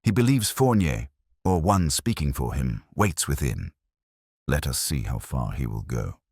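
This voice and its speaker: A man playing a Victorian detective who speaks in a cold, cutting, measured way. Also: rumbling low, expressive, darkish tone, breathy edge, dry recording, studio quality, exaggerated voice. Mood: hushed.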